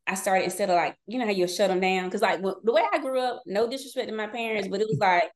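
A woman's voice: medium pitch, quick pace. A woman in her forties, a podcast guest, telling personal stories candidly in casual chat and laughing often. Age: 40s. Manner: candid storytelling, laughs often, slips into quoted voices.

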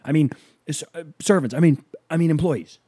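A smug male motivational speaker makes a salesy pitch, as a man mimics him. The voice is a little higher and louder than the man's own. The delivery is smooth and self-satisfied. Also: brisk.

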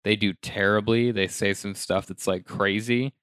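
A male podcast host talks in a relaxed, reflective way, peppering his speech with "like." His voice sits on the low side and the recording is dry and close, with no room sound. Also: moderate pace, clear, resonant tone, dry recording. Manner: relaxed, reflective, many "like" fillers. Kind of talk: casual chat.

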